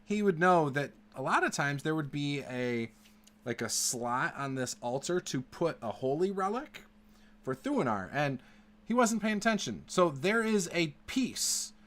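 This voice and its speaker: A man narrating a tabletop game as game master, halting with many fillers. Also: a little high, animated, fairly bright tone. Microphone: online call.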